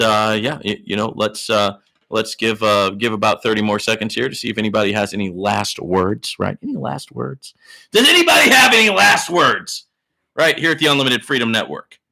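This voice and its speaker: A man hosting a live Q&A stream, giving loud, hyped shout-outs to viewers in the chat and teasing them boastfully. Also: on the low side. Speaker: livestream host.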